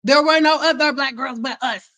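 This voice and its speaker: A young woman from Detroit telling stories in a casual livestream, chatty and animated, jumping into other people's voices. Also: normal speed, poor audio. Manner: animated, chatty, acts out quoted people with big pitch jumps. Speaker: hair care livestream host.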